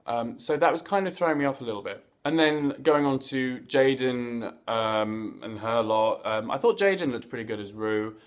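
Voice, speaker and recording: A man's voice: mid-range voice, normal speed, hardly any pauses. A man hosting a casual review vlog. He talks in a chatty, playful way with campy slang and asides, and he stumbles over words now and then. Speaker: host of a reality TV review vlog.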